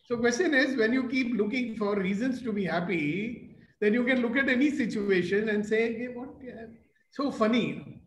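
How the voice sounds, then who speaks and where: Older man, Indian English accent, high voice, playful storyteller, live group talk, roomy echo with faint hiss. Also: normal speed, fairly bright tone. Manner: playful, storytelling, asks the audience questions. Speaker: motivational speaker. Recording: echoey room with faint noise.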